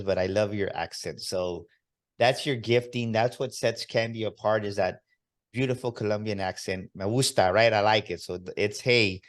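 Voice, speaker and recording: A man hosting an interview podcast, enthusiastic and motivational, slipping in bits of Spanish. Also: fairly low pitch. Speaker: podcast host.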